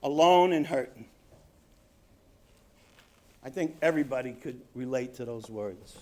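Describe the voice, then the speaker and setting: A middle-aged man from New York telling his own recovery story at a convention, acting out quotes and dropping quiet for emphasis. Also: medium pitch, animated, measured pace, pauses often. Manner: storytelling with acted quotes, drops to quiet emphasis, laughs at himself. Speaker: recovery speaker. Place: convention hall stage.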